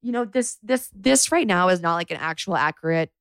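This podcast host's voice is on the low side, expressive and brisk, creaky and a bit bright, with a clean tone and no echo. Alone on her bedroom floor with a podcast mic, she rambles candidly through a confessional episode, leaning on "like" and getting emotional, sometimes near tears.

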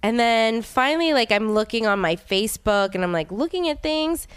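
A young woman chatting casually as a podcast host, telling a story with many fillers and sudden high exclamations. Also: smooth, dry recording. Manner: animated storytelling with many "like" fillers, leaps in pitch when exclaiming. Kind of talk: casual chat.

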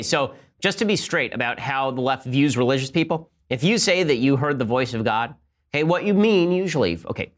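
A male talk show host who speaks at a fast clip in a sarcastic, combative voice. His pitch sits in the middle, and he fires off asides and quick rebuttals in a steady stream. The delivery is pointed and relentless. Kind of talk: fast opinionated commentary with ad read.

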